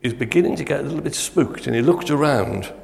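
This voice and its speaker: An older man preaching, telling stories in a jovial, animated way. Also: mid-range voice, fast talker, gravelly. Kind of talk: sermon with storytelling. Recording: echoey hall.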